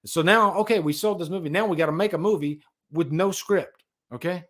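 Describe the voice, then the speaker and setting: A man hosting a casual livestream, rambling and animated as he tells stories and reads out chat. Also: high voice, brisk. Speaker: livestream host.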